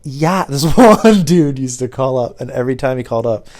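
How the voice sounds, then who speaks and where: A young man telling rambling stories to camera in a deadpan, casual way. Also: mid-range voice, a little fast. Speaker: former pizza delivery driver telling stories.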